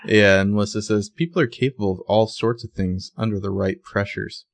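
A podcast co-host recaps a TV episode in casual, conversational chat, reading lines of dialogue aloud in a plain voice. He speaks a little fast in a low, steady tone, and the recording is dry.

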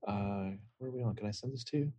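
A man co-hosting a podcast over a remote call, animated and quick to jump into side notes and trivia. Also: lowish voice, slightly rough. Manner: animated, jumping into tangents and trivia. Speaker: podcast co-host. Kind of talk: casual chat. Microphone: remote call setup.

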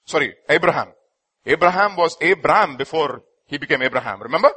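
A man preaching a sermon as pastor, dramatic, swinging from quiet asides to loud pleading and slowing to stress key lines. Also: on the high side, lively intonation, husky.

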